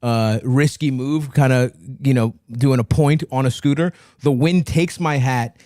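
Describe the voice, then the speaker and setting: A man in his thirties telling a story on a podcast in casual chat, profane and self-mocking, jumping into high voices for quotes. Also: measured pace, darkish tone, no room sound, clean studio sound.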